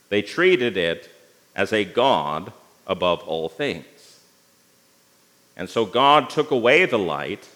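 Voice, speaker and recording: A man preaching a sermon, slow and dramatic, with phrase endings that fall away to a near whisper. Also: medium pitch, fairly bright tone. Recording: long reverb of a hall.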